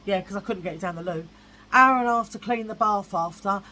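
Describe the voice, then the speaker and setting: A woman's voice: mid-range voice, fairly quick, pushed and bright, rough recording. A woman vlogging in a blunt, chatty way, repeating herself for emphasis. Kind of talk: casual chat.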